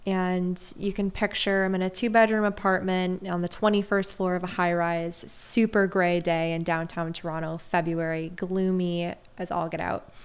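Woman breathwork mentor chatting on a podcast, smooth clear voice, lots of "like". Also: lowish voice. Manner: animated, peppered with "like". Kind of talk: conversational storytelling.

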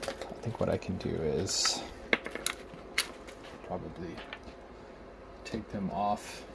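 A man's voice: low-pitched, creaky, very noisy. A man narrating a guitar pedal repair at his workbench, casually thinking aloud as he tests and troubleshoots. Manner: thinking aloud, unhurried, trailing off while working. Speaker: repair video host.

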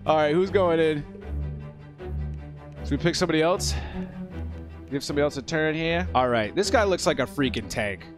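A man's voice: fairly high pitch, normal speed, pauses often. A man hosting a gaming video, joking and talking to the characters as he plays. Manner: excitable, joking, talks to the characters. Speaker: gaming channel host. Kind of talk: let's play commentary. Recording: game music underneath.

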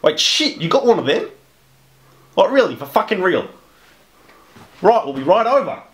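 A man's voice: medium pitch, normal speed, fairly bright tone, slight background noise, lightly acted. A man playing a blustering fake-Aussie ghost hunter. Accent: fake Australian. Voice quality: crude, cheerful bluster. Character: brash young male ghost hunter faking Aussie. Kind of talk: comedy sketch acting. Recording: roomy sound with music underneath.

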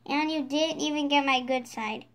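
A woman's voice: sits high, fairly even intonation, normal speed, a bit bright. A young woman voicing a grumpy, scornful adult squid man while reading a storybook. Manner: scornful and irritable.

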